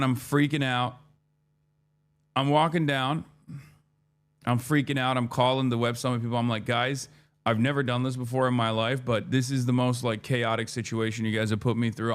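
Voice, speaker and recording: A man's voice: medium pitch, clear, resonant tone. Profane, rambling male streamer. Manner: rambling, profane, animated retelling with quoted dialogue. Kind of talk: casual storytime chat.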